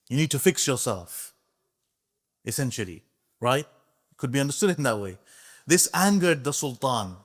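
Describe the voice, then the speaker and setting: A man giving a religious history lecture as a guest speaker in a mosque hall, telling the story with emphasis, swinging between quiet and raised delivery. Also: medium pitch.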